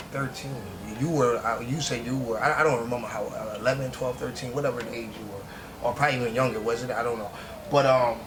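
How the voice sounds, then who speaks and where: New York man, host doing casual commentary, hesitant delivery, constant background noise. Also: mid-range voice. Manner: halting, many restarts and fillers.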